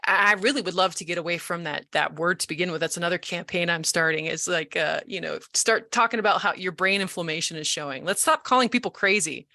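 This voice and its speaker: A woman in her forties from Colorado, a guest telling her story in a casual interview, animated, acting out the voices she quotes, with frequent restarts. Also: on the low side, quick pace, few pauses, no room sound, clean studio sound.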